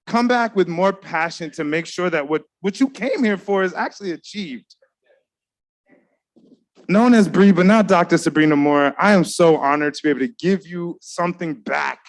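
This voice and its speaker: A man giving an emotional, earnest award speech from an awards ceremony stage, talking straight to the crowd. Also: high voice. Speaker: award presenter.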